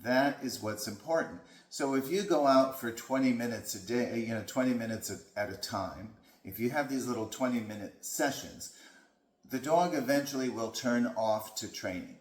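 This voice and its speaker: A man who works as a dog trainer, explaining training in a calm, patient way. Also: medium pitch, normal speed. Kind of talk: instructional talk. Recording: echoey room.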